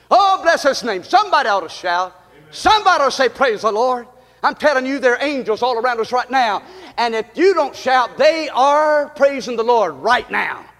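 A pastor preaching a fiery Easter sermon in a church, shouting in bursts and then dropping low. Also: male voice. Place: church sanctuary. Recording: long church reverb.

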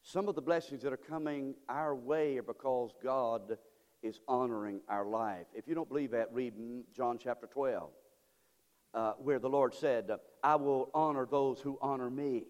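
A man preaching a sermon as pastor, moving from quiet, halting asides to loud, drawn-out exhortation. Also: medium pitch, long reverb tail, dull audio. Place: church sanctuary.

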